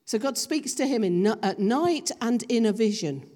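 A woman preaching a sermon, slow and emphatic, drawing the congregation in with questions. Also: on the high side, lively intonation, dark tone. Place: church hall. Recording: long reverb of a church hall.

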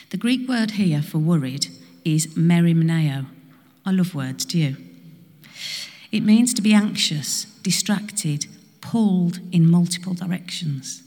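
A woman's voice: fairly low pitch, darkish tone. A woman preaching a sermon to a congregation, often asking the listeners questions. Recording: reverberant hall.

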